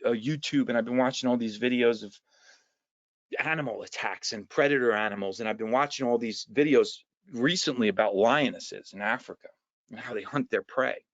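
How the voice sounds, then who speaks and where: A man with a New Jersey accent giving an earnest, halting personal share at an online recovery meeting, full of restarts and fillers. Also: medium pitch, no echo. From New Jersey, USA. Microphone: video call mic. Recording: dull, lo-fi dry online call audio.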